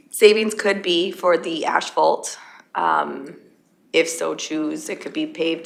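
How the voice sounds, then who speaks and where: A woman from county administration presenting a budget at a council meeting, losing her voice and speaking in a halting, matter-of-fact way with fillers. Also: low-pitched, creaky, a bit bright. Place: council chamber.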